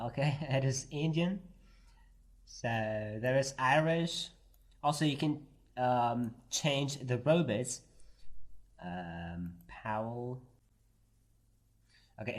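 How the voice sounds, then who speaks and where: A man who teaches English, explaining a website in a hesitant way with many fillers. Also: mid-range voice. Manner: hesitant, many ums and uhs. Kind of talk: screen-share tutorial.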